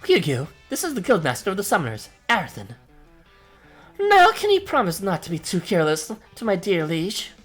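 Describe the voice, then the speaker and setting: Man voicing a sly fox lady executive for a game, put-on British accent, sweet and smug, lively pitch. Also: normal speed, soft background music, full character voice.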